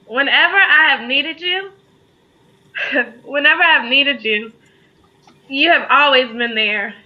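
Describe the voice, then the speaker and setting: A woman's voice: high voice, slow pace, long pauses, dull audio. A woman co-host giving a heartfelt spoken tribute, fighting back tears as she talks. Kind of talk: emotional tribute in casual talk.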